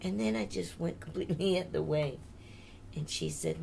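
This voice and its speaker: A woman's voice: fairly low pitch, moderate pace, vocal fry, dark tone, a little hiss or hum. An older woman, a singer, telling her life story in a candid, chatty interview and laughing often.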